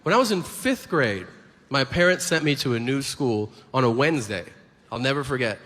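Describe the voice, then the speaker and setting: A man performing a crude, animated stand-up routine on stage, acting out the people in his stories. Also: mid-range voice, normal speed. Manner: animated, crude storytelling with acted-out quotes. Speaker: stand-up comedian. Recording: reverberant hall with ambient noise.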